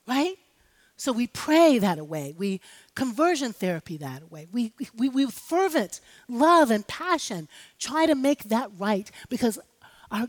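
A woman preaching an impassioned sermon, rallying the congregation with call-and-response. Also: high-pitched. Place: church sanctuary. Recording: live hall with long reverb.

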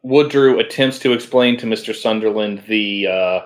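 A man's voice: fairly low pitch, moderate pace. A man in a casual comic book chat, working through the plot analytically and restarting his sentences.

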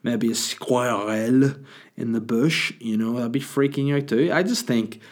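A man's voice: medium pitch, normal speed. A man hosting a podcast, rambling and joking as he answers listener questions. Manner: rambling, jokey, sweary. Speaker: podcast host.

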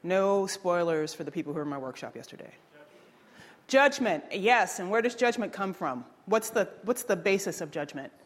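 A woman giving an energetic workshop talk, quizzing the audience and preaching her ideas. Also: lowish voice, normal speed, big-room sound. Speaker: workshop speaker.

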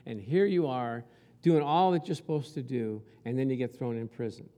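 With a warm, mid-range voice at a moderate pace, a man preaches a sermon in a chatty, conversational way. The pastor tells a story and keeps asking the congregation rhetorical questions.

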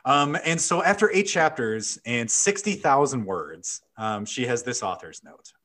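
A man hosting a casual podcast, reading fan fiction aloud and commenting on it in a wry, animated way. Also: mid-range voice, a little slow. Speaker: podcast host.

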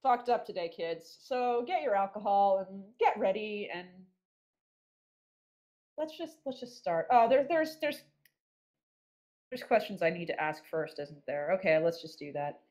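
Lively, foul-mouthed woman podcast host. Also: mid-range voice, unhurried, long pauses. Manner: crude, swearing, self-mocking. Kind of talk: casual podcast chat.

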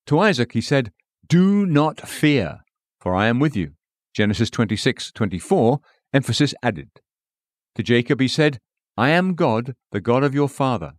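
A man giving a scripted devotional reading, measured, slowing and lifting his voice for quoted scripture. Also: medium pitch, animated, no echo, studio quality. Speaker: devotional reader.

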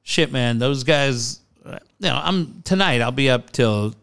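A man's voice: mid-range voice, lively intonation, measured pace, creaky, a bit bright, smooth. A middle-aged man with a rambling, easygoing way of talking, chatting as a guest. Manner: rambling, laughs easily. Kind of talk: casual chat.

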